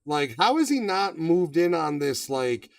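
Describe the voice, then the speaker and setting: Profane, animated man reviewing movies. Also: fairly high pitch, measured pace, gravelly, no room sound, clean studio sound, distant mic. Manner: profane, animated, acts out quotes. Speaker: podcast host. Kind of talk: casual movie review chat.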